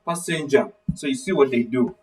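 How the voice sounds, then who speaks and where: A man's voice: medium pitch, moderate pace, far from the mic, soft background music, rough recording. A man teaching a literature lesson, calling on students by name and asking fill-in-the-blank questions. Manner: animated, acts out voices of characters. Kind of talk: live online literature lesson.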